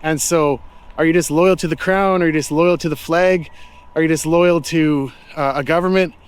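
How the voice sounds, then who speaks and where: A man with a high-pitched voice talks casually to his handheld camera as he walks through a city street and park. He is friendly and reflective, thinking aloud with plenty of fillers and stopping strangers to ask them questions. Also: fairly even intonation, normal speed, smooth. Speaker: street interviewer and vlogger.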